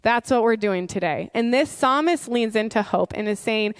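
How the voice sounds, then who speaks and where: A woman's voice: fairly high pitch, lively intonation, clean tone, no room sound, studio quality. Earnest woman preaching a sermon. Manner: earnest, reads scripture slowly with emphasis, some restarts. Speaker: pastor.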